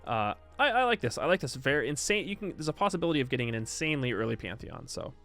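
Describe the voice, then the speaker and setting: A man's voice: medium pitch, big pitch swings, quick pace, a bit bright, faint music behind. A man streaming live, chatting casually and reacting to his chat as he reviews a game patch, rambling and stop-start, sometimes insistent.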